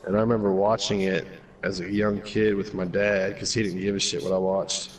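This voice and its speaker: A man's voice: low-pitched, little pitch movement, a little fast. A man streaming a game, chatting casually in a rambling, profane storytelling way. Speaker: gaming streamer. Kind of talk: casual chat while gaming. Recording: voice over loud game music.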